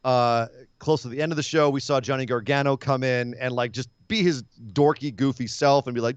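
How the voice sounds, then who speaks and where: A man co-hosting a casual wrestling podcast, telling stories in an animated way and acting out quotes. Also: medium pitch, brisk, clean tone, no room sound, highs cut off. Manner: animated storyteller, acts out quotes. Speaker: podcast co-host. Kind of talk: casual wrestling recap chat.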